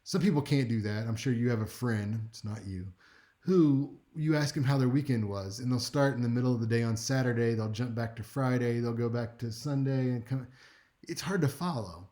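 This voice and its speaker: Speaking at a moderate pace with a mid-range voice, a man teaches a speech class. The lecture feels easygoing and conversational, and he adds dry asides while regularly checking in with listeners.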